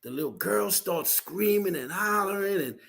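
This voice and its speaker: A man co-hosting a podcast, telling a story in a lively way and acting out the people in it. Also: sits high, moderate pace, vocal fry. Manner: lively, acts out voices in his story. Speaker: podcast co-host. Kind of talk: animated storytelling.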